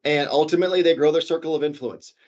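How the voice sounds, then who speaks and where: A man leading a workplace training session, talking casually and animatedly, shifting his pitch and volume for emphasis. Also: fast, a little mellow, lo-fi sound. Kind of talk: corporate training talk. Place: office.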